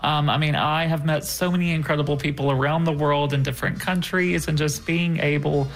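Radio guest, man from Georgia, higher voice, relaxed and agreeable. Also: brisk. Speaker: travel blogger, guest. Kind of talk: radio interview.

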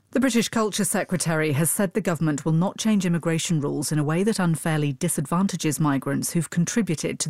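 A woman newsreader reading a formal news bulletin in a measured, even delivery. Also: low-pitched, dry recording, studio quality. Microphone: studio microphone.

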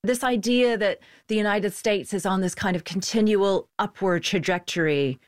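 A woman guest commentator, talking through her points in a thoughtful, measured way on a podcast. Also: mid-range voice, no echo, clean studio sound. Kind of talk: podcast discussion.

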